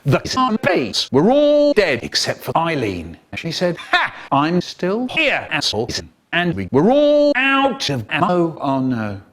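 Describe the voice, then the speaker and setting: Theatrical older male storyteller, lively pitch. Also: unhurried, few pauses. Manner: theatrical storyteller, swings between hushed asides and sudden bursts. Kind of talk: comic storytelling narration.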